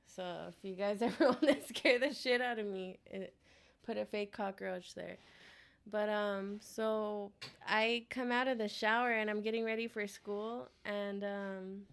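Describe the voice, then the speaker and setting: A woman's voice: mid-range voice, fairly even intonation, unhurried, clear, resonant tone. A young woman chatting as a podcast guest, talkative and laughing often. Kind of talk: casual chat.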